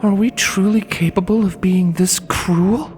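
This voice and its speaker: A man's voice: sits high, fairly even intonation, measured pace, big-room sound, soft background music, voice pushed up. A man voicing a determined young unicorn mare thinking to herself in an audiobook fanfiction reading. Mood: troubled. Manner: hushed inner thoughts.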